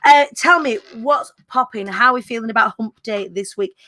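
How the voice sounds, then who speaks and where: A woman's voice: fairly high pitch, normal speed, sharp tone. A woman, hosting a casual live-stream chat in a bubbly way, full of British slang. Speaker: host.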